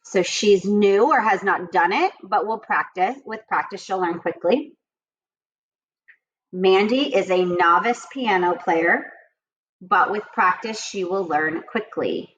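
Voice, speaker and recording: Woman, teacher, children's vocabulary lesson, slow emphatic sentence reading, muffled lo-fi audio. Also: medium pitch, a bit bright. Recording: dull lo-fi home recording.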